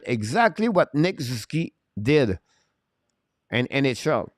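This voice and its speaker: A man's voice: mid-range voice, sing-song, a little slow, no room sound, clean studio sound. A man hosting a hockey fan show, talking emphatically, repeating his points and reeling off player stats. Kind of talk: animated fan hockey talk.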